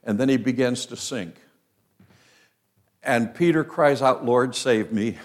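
A male preacher delivering a sermon, dramatically acting out the voices of the people in his story, swinging from loud cries down to hushed words. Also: mid-range voice, slow.

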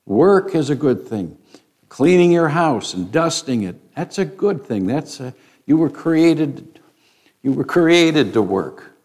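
A man's voice: fairly high pitch, sing-song, slow pace, darkish tone. An older man teaching an informal Bible class in a conversational way, with frequent ums and restarts.

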